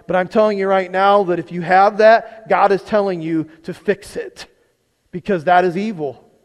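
A man's voice: high-pitched, fairly even intonation, normal speed. A male pastor preaching a conversational sermon to his church, often asking the congregation questions and repeating words as he goes. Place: church sanctuary. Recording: long hall reverb.

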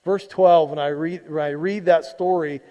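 A man's voice: on the high side, fairly even intonation, moderate pace, mellow, in a large hall. A male pastor giving a conversational sermon, teasing his congregation as he reads and retells a scripture story. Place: church sanctuary.

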